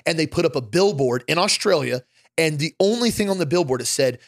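Animated man telling stories in a dry room. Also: fairly high pitch, a little fast, dry recording. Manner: animated storyteller, acts out quoted people. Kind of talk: casual conversation.

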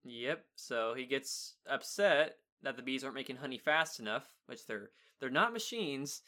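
A man's voice: medium pitch, animated, normal speed, sharp tone. A young man in a casual chat, recapping a kids' show plot with easy chuckles. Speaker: podcast co-host.

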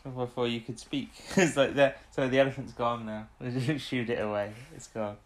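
A man's voice: medium pitch, steady tone, moderate pace. A man in casual conversation whose voice sits in the middle range. He chats easily, laughs often and slips into the characters' lines as he recaps what happened. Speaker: podcast co-host. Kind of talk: casual chat recapping an episode.

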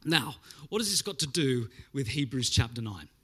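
A man's voice: mid-range voice, normal speed, husky. A man preaching a Pentecostal sermon, telling stories with animation and sound effects. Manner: animated storyteller, mimics spray sounds. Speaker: pastor.

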